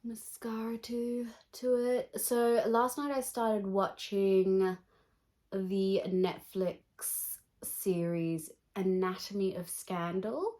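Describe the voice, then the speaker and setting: A woman's voice: mid-range voice, steady tone, slow pace, warm tone. A woman beauty vlogger doing a chatty get-ready-with-me makeup talk, blunt and opinionated.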